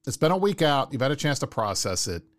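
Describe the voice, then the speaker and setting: A man hosting a casual talk show, relaxed and steering the conversation. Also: mid-range voice, fast talker. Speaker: host. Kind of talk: casual chat.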